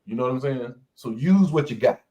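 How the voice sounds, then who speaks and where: A man's voice: medium pitch, animated, brisk, dark tone, muffled recording. A man in casual chat telling a funny family story and acting out the voices in it. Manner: laughing, storytelling, acts out voices. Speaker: instructor.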